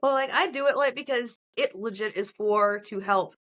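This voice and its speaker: A woman's voice: a little high, normal speed, fairly bright tone. A young woman chatting casually as a podcast guest. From Georgia, US. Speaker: guest, new streamer.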